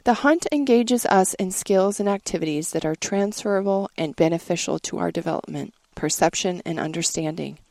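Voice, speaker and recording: A woman giving a measured, earnest scripted reading. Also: fairly low pitch, creaky, darkish tone, dry recording.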